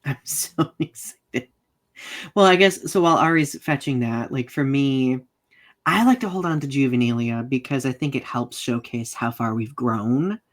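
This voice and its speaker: On a live video podcast recorded with a home setup, a male co-host chats casually and enthusiastically, asking lots of questions. His voice is medium in pitch and moves at a moderate pace.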